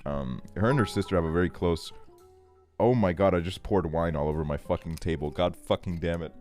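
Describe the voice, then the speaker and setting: A man's voice: low voice, brisk, a little mellow, soft background music. A man in his twenties chatting casually on a stream, ranting with plenty of swearing and frequent laughter. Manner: profane, ranting, laughs often.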